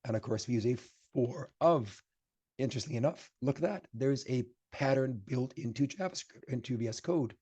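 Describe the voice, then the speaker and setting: A man's voice: medium pitch, brisk, mellow, husky, lo-fi sound. A man teaching programming in a live-coding lecture, chatting and thinking aloud as he types, growing emphatic when he gives advice. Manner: chatty, thinks aloud while typing code. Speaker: programming instructor.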